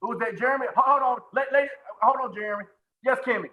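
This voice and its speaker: A man with a high, bright, ringing voice runs a live sales training webinar over a video call. He speaks with energy, repeats himself for emphasis and calls on attendees by name. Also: fast, rough recording. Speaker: sales presentation coach.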